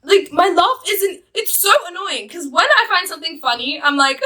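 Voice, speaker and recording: A woman's voice: extremely high pitch, expressive, moderate pace, pushed and bright, rough recording. A young woman vlogging, telling rambling stories to camera with lots of fillers and giggles. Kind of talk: casual storytelling to camera.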